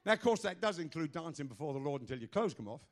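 High-voiced fervent male preacher. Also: big pitch swings. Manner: fervent, rising to shouts with drawn-out "uh" fillers; dropping to a hushed, prayerful tone. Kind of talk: sermon.

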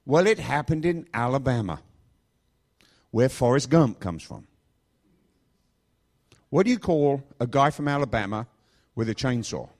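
A man's voice: medium pitch, big pitch swings, a little slow, pauses often, darkish tone. A middle-aged man from England preaching in a chatty, joking storytelling style. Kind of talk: storytelling sermon.

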